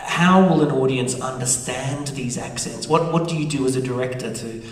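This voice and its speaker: A man's voice: mid-range voice, moderate pace. A man hosting a panel on a theatre stage before a live audience, chatty and joking. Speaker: panel host. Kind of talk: onstage panel discussion. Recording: echoey theatre, distant mic.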